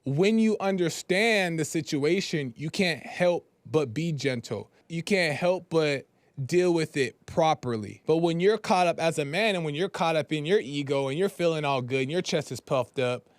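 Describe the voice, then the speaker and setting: A man's voice: on the high side, normal speed, no room sound. A man hosting a podcast, giving his opinion in an earnest, lecturing way and often repeating himself. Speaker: podcast host. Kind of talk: opinion commentary.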